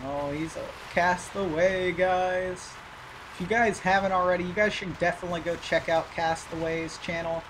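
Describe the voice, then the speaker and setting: Rambling male gamer, loud engine noise. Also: high-pitched, steady tone, normal speed. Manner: rambling, easygoing, with filler and cursing. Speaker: gaming YouTuber. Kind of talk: casual gameplay commentary. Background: truck engine and game sounds.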